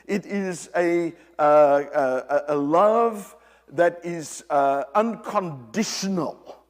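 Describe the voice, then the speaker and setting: A man's voice: fairly high pitch, slow pace, big-room sound. A man preaching a sermon, emphatic and direct with the congregation, often repeating and restarting his phrases.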